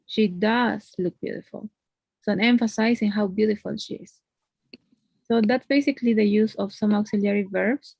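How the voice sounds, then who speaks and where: A woman's voice: mid-range voice, steady tone, a little fast, mellow, slightly rough, no echo. A woman teaching English one-on-one. She explains patiently and often ends points with a questioning "no?". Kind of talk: one-on-one online lesson.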